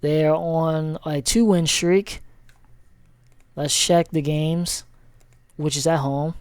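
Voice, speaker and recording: Man, sports vlogger, casual recap; smooth clear voice, unhurried, chatty and full of fillers. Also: fairly high pitch, fairly even intonation, dry recording. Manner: rambling, many fillers and self-corrections. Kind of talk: casual sports recap over a shared screen.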